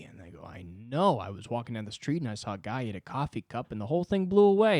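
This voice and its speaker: A man in his twenties hosting a solo comedy podcast, talking self-deprecatingly and swinging between loud outbursts and low muttering. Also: sing-song, fast, few pauses, no room sound, clean studio sound. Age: 20s. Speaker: podcast host.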